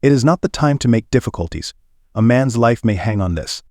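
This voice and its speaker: A fussy, exacting male detective, probing with intent questions and muttering as he thinks, read by a man. The voice sits at a middling pitch. It is close and dry. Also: animated, brisk, a little mellow, no echo, close to an everyday voice.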